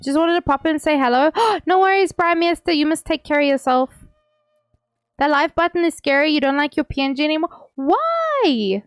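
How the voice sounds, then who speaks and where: A woman's voice: high-pitched, fairly even intonation, fast talker, dry recording, studio quality, faint music behind. A young woman livestreaming, chatting casually with viewers, reading messages aloud and laughing often. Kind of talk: casual chat with stream viewers.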